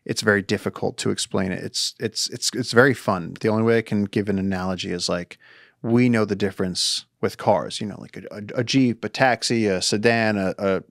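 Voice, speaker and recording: Gravelly low-voiced man telling stories. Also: fairly quick, no echo, studio quality. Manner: animated storyteller acting out quotes, swears casually. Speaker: podcast guest, wildlife conservationist. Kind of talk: casual storytelling chat.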